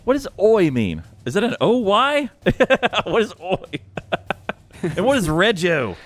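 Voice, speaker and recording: A man squeaking as a baffled computer. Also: very animated, takes it slowly, no room sound, faint music behind, exaggerated voice. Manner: puzzled, mock-confused questioning. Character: baffled speech-recognition computer, male, high and squeaky.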